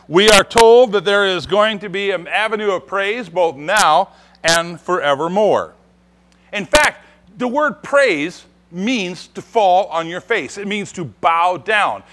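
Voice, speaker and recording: A male pastor delivering a Sunday sermon in a church. His voice is high and bright, and his pitch swings widely as he builds to emphatic lines. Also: a little hiss or hum. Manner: animated preaching, rising to emphatic declarations.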